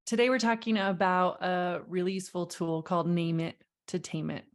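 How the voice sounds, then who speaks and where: A woman hosting a casual chat, friendly and quick to laugh, chiming in briefly. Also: fairly low pitch, fairly even intonation. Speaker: host.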